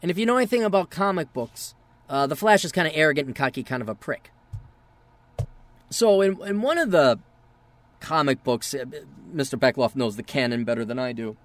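Profane high-voiced ranting podcast man. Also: very animated, fairly quick, no echo. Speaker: podcast host.

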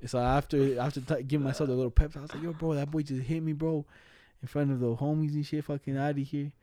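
A man's voice: fairly high pitch, steady tone, quick pace, warm tone. A young man telling funny childhood stories in casual chat, full of slang and laughter, acting out the voices of people in them.

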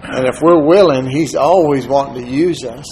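A man delivers a sermon as a string of personal stories. His pitch sits in an ordinary middle range and he often drops to a hushed, soft-spoken aside. A faint room ambience hums quietly underneath. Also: moderate pace, a little hiss or hum, low-quality recording. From Texas, USA. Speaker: preacher.

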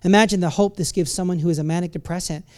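A pastor preaching a sermon in a church, swinging between quiet reflection and loud, emphatic bursts, often restarting words and adding playful asides. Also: mid-range voice, fairly even intonation, racing. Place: church service.

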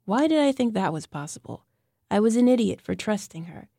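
A woman's voice: medium pitch, sing-song, fairly quick, creaky, mellow, dry recording, studio quality. A young adult woman reading a first-person novel aloud, with a tense, bitter inner voice. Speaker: audiobook narrator. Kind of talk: scripted first-person narration.

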